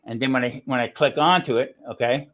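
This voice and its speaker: A man's voice: mid-range voice, steady tone, fairly quick. Rambling middle-aged man telling kitchen stories. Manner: rambling storyteller, laughs often. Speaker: guest chef. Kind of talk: casual chat on a video call.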